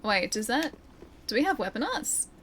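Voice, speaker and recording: A woman's voice: a little high, big pitch swings, moderate pace, fairly bright tone, a little hiss or hum, low-quality recording. A woman streaming a video game, chatting and giggling with her viewers as she plays. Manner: chatty, giggly, talks to chat while playing. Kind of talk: casual gameplay commentary. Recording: game music playing behind.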